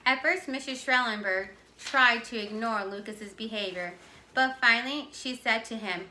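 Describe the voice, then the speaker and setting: A woman teacher reads a children's chapter book aloud, clear and expressive. Her voice is bright and sharp and sits a bit high. The room gives it a roomy echo. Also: normal speed. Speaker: teacher reading to her class.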